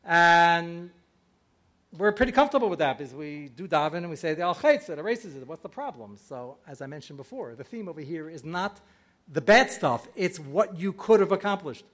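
A man's voice: fairly high pitch, expressive, a little fast, a bit bright. A man giving a storytelling sermon to a live audience as a rabbi, acting out the voices he quotes.

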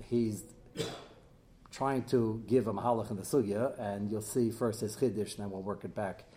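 A man teaching a Talmud class as a rabbi, animated and joking, his voice jumping up and down as he mixes in Hebrew study terms. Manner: animated, swings in pitch and loudness. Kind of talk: lively Talmud lecture with jokes.

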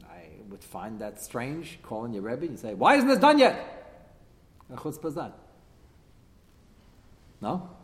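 A man teaching a text class, animated and emphatic, firing rhetorical questions at his students. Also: lowish voice, big-room sound. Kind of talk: classroom lecture with discussion.

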